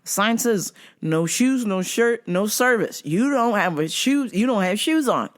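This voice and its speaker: A woman's voice: mid-range voice, lively intonation, measured pace, voice pushed up, natural voice. A woman voicing an exasperated male store manager, stern and scolding.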